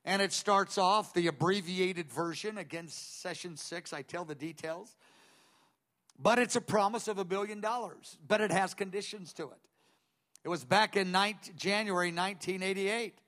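An older man with a noticeably high voice delivers a teaching sermon in a relaxed, conversational way. He drifts into anecdotes and acts out the people he quotes. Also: normal speed. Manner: digressive, storytelling, quoting others aloud. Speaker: preacher.

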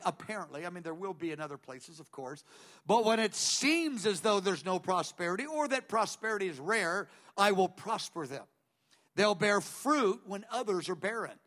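A man's voice: high-pitched, expressive, moderate pace, fairly bright tone. An older man preaching a conversational teaching sermon, telling stories with many digressions and quoting others aloud.

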